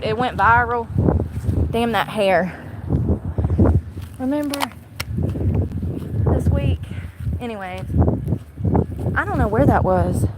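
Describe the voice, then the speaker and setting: A chatty woman vlogs to her viewers while picking up roadside trash, talking bluntly and swearing freely with a self-mocking streak. Her voice sits a little high. Loud outdoor noise surrounds her phone recording. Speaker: vlogger. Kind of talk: casual outdoor vlog chatter.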